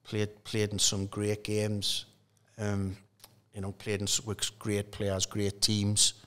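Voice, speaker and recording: A middle-aged man with a Geordie accent talks in a fairly low voice. He tells stories in relaxed, halting interview chat, often restarting his sentences. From Newcastle, England. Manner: relaxed storytelling, halting restarts, laughs through anecdotes. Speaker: podcast guest, former footballer.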